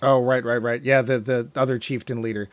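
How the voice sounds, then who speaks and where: Another movie podcast co-host, this man jokes sarcastically and laughs frequently during casual review chat. He speaks briskly in a mid-range voice with a flat delivery, and the recording is dry.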